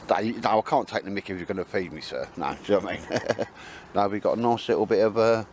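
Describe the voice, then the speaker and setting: A man's voice: lowish voice, quick pace, a little mellow, slight background noise. A man chatting and joking with his mates outdoors at a woodland campfire, teasing them in a laddish way. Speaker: vlogger. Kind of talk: casual banter with friends.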